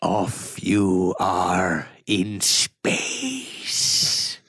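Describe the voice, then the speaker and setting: A man doing an impression of a suave, menacing space villain, with slow, drawn-out, breathy delivery. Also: low voice, wildly swooping pitch, sharp tone, dry recording, clean studio sound, exaggerated voice.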